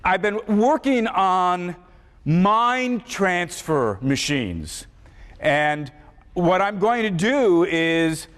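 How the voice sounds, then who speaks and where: A man voicing an evil adult male mad scientist who explains his scheme slowly, in an echoey lecture hall. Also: sits high, lively intonation, a bit bright, full character voice. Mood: explaining.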